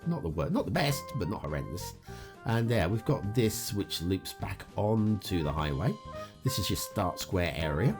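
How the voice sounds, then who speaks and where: Man, game review host, lower voice, very lively intonation, upbeat casual commentary, faint guitar music behind. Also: normal speed. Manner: chatty and upbeat, with frequent uh fillers.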